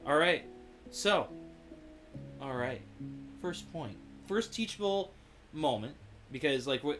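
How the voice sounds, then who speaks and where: A man's voice: medium pitch, fairly bright tone. A man hosting a podcast, joking around and asking rambling questions in a casual chat. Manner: playful, jokey, rambling questions. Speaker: host.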